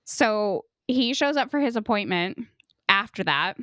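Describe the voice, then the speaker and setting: Young woman rambling thru a plot recap on a podcast, mid pitch, dry close sound. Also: expressive, a little slow, a bit bright, no room sound. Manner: chatty retelling with lots of "like" and quoted asides. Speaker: podcast co-host. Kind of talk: casual book discussion.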